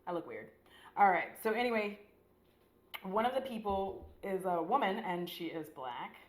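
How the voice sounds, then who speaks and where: A woman's voice: medium pitch, expressive, normal speed, roomy sound, rough recording. A woman beauty vlogger chatting casually while doing her makeup, rambling in a slangy, profane way with lots of "like.".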